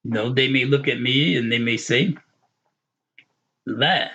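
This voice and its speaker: A man explains Arabic grammar in an online lesson, going over each term more than once. His voice is husky and mid-pitched. The recording sounds dull and lo-fi. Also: steady tone, bright, forceful tone. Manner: patient, repetitive explaining with quick English glosses. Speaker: Arabic teacher.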